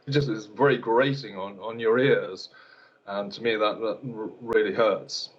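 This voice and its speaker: A man's voice: lowish voice, moderate pace, muffled recording. A man, an elocution teacher, answering interview questions hesitantly, with many fillers and repeated words.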